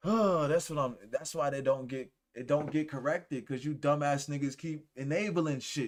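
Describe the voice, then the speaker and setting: A man's voice: on the high side, normal speed, few pauses. A man hosting a reaction show, ranting bluntly and mocking what he watches. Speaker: podcast host reacting to clips. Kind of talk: profane reaction commentary.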